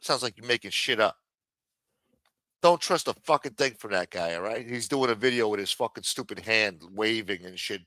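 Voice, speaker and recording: A man rants on a livestream with a bright, forceful voice, swearing nonstop and getting worked up. The sound is dry and close, with no room around it. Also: medium pitch, big pitch swings, moderate pace, no room sound. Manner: heated, swears constantly, mocks others in raised voices. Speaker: livestream commentator. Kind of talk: casual profane rant.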